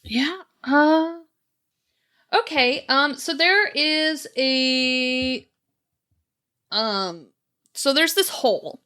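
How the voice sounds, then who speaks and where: Slow, hesitant woman player. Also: sits high, lively intonation, pushed and bright. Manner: hesitant, many ums. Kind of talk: tabletop game play.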